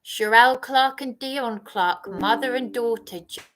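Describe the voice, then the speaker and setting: Woman, livestream rant, accusatory and repetitive, slightly high voice, slow delivery. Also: fairly bright tone. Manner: agitated, accusatory, repeats herself.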